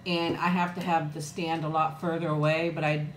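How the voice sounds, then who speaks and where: A middle-aged woman livestreams herself eating from a room at home, chatting casually, greeting viewers by name, and laughing frequently. Her voice is deep and level at a moderate pace, picked up by a close new external mic. The audio is reverberant, and background noise can be heard.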